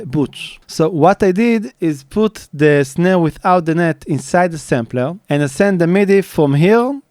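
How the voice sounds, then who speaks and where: This mixing engineer's pitch sits on the high side, with a darkish tone captured in a dry recording. He goes through his studio tutorial one step at a time in a plain way, frequently starting over and using filler words. Drum playback can be faintly heard around him in the studio.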